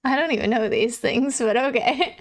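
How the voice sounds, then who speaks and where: A woman's voice: high voice, normal speed. A young adult woman livestreamer chatting casually with viewers, swearing freely and laughing often. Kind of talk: casual chat reading viewer messages.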